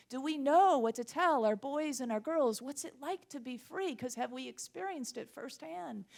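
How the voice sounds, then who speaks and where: A woman's voice: high-pitched, gravelly, a little mellow. A woman minister delivering a sermon with impassioned, rhythmic preaching.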